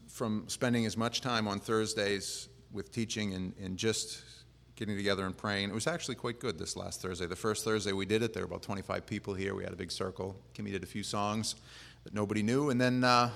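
Low-voiced pastor in a reverberant church. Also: male voice, vocal fry. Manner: relaxed, plain-spoken, rambling with fillers. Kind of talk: casual conversational sermon. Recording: long reverb of a church hall.

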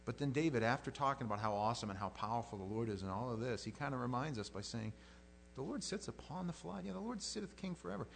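A man preaching a sermon as pastor, conversational and animated, swinging between loud outbursts and quiet prayer. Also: medium pitch, quick pace, vocal fry, slight background noise.

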